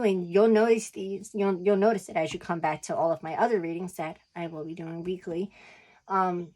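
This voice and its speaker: A woman's voice: lowish voice, fairly even intonation, moderate pace, darkish tone. A woman doing a casual tarot reading, chatty and reassuring, often checking in with "right?" and "okay?". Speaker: tarot reader.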